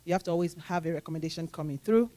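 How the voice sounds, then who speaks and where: A woman team leader on a panel, giving practical career advice in a steady, matter-of-fact, instructive way. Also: fairly low pitch, very fast, no room sound.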